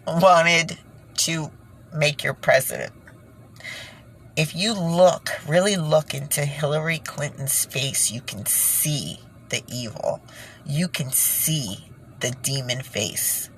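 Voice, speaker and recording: A woman with a low voice rants indignantly to her viewers in a slow, dragging delivery. Sighs and nervous laughs break up her talk, and a faint hiss of noise sits under the recording. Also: a bit bright, low-quality recording. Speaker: vlogger. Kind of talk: casual monologue to camera.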